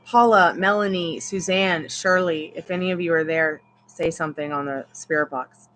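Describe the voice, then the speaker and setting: A woman's voice: on the low side, steady tone, normal speed, fairly bright tone, a little hiss or hum, poor audio. A woman in her thirties, a tarot reader on a live stream, rambling through personal stories and calling out to spirits in casual chat. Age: 30s. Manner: rambling storyteller who talks to spirits.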